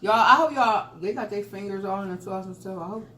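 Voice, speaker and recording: A woman's voice: mid-range voice, fairly quick, heavy background noise. Woman, 60s, eating-show vlogger, chatty, teasing, phone mic, echoey room. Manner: chatty, teasing, exclaiming to viewers. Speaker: mukbang vlogger. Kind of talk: casual eating-show chat. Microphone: phone camera.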